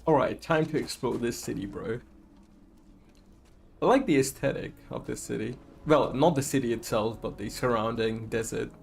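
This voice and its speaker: A man's voice: mid-range voice, moderate pace, vocal fry. A man casually commenting while he plays a game, rambling and calling everyone "bro". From outside the game's country. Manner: laid-back, says "bro" a lot, rambling. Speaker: gaming streamer.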